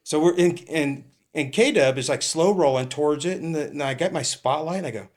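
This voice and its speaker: Middle-aged californian dude, retired cop, telling war stories, slightly high voice, acts out the dialogue. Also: male voice, brisk. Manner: animated, laughing, acting out dialogue. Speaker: retired police captain, guest. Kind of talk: casual storytelling.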